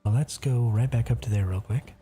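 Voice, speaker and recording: A man's voice: mid-range voice, a little fast, mellow, faint music behind. A man chatting casually as he streams a survival game, talking to viewers and reading their chat aloud. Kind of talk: casual gameplay commentary.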